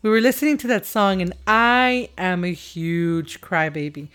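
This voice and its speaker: A woman's voice: on the low side, fairly even intonation, a little slow, fairly bright tone, clean tone. A woman hosting a casual podcast chat with her child, rambling and laughing often as she tells stories. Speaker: podcast host and mother.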